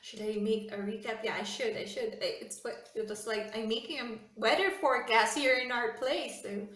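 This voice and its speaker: A woman's voice: a little high, steady tone, moderate pace, a bit bright. A woman, chatting in a casual, rambling, heartfelt vlog, often correcting herself mid-sentence. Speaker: vlogger. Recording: roomy echo, distant mic, ambient noise.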